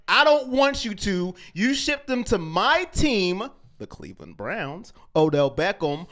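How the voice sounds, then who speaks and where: A man's voice: high voice, measured pace, hardly any pauses. Guy cohosting a fan chat, worked up and sarcastic, voice swoops all over. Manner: animated, mocking, rises to near shouts. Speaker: co-host.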